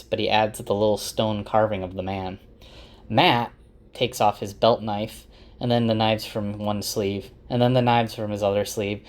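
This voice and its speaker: A man's voice: fairly low pitch, a little mellow. Casual man retelling a fantasy novel. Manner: chatty, loosely acts out characters' lines; laughs at funny moments. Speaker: book summarizer.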